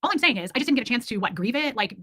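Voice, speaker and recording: Brief: woman, 40s, livestream host; very quick, bright, candid and rambling chat, dry close mic. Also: a little high, animated, no room sound. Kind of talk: casual livestream chat reading comments.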